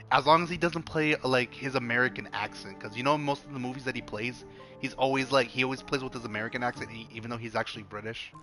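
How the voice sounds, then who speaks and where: A young male streamer with a bright, forward voice chats loosely and swears freely, restarting his sentences again and again. Faint game music plays underneath, and his pitch sits in an ordinary middle range. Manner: rambling, profane, many restarts. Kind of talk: casual chat while streaming a game.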